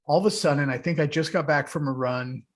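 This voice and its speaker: Animated swearing male podcast co-host. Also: fairly high pitch, fast. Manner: animated storytelling, swears freely. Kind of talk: casual chat.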